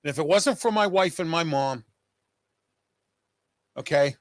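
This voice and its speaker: Hosting his own show, this man addresses viewers directly in an agitated, emphatic personal monologue, going over his points again and again. His voice is a little high and a little slow, recorded dry with clean studio quality.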